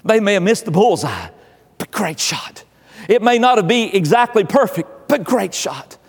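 A man's voice: high voice, sing-song, measured pace, slightly rough, in a large hall. A male pastor preaching a sermon, emphatic and exhorting, repeating key phrases.

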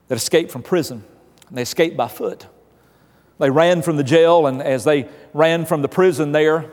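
A man preaching a sermon in a slightly high voice, building his point through repeated questions and a told story. The sound rings with a long hall reverb. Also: a little mellow. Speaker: pastor.

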